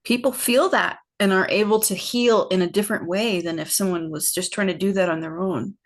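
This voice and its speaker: Woman guest, even mid pitch, reflective storyteller, lots of fillers and pauses. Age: adult, older than her teen years. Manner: reflective, unhurried, many fillers, acts out quotes. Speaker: podcast guest, healing facilitator. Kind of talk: personal storytelling in casual conversation.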